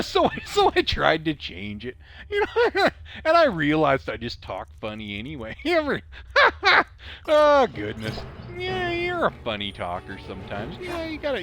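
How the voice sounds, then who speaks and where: Sitting high with vocal fry and a slightly bright quality, this man's voice carries a drawling Idaho accent. He's a gamer loosely narrating his play, wandering into stories and laughing a lot with snarky self-mockery.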